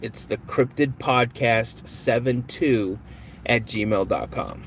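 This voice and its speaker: A man's voice: medium pitch, takes it slowly, a little hiss or hum. A man hosting a live podcast stream, chatting casually with viewers, joking and greeting them. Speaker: podcast host.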